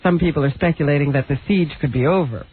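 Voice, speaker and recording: A man's voice: on the high side, fast talker, slightly rough. A man co-hosting a radio show and reading the news, teasing and skeptical. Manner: teasing and skeptical, often laughing along. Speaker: radio co-host and news reader. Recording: tinny lo-fi radio with faint music.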